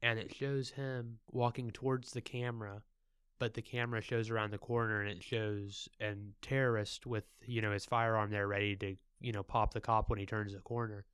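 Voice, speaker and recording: Young male co-host, lowish voice, dry close mic, laid-back and jokey. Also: flat delivery, moderate pace, fairly bright tone, smooth, dry recording. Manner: laid-back, joking, with crude asides. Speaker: podcast co-host. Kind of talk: casual chat.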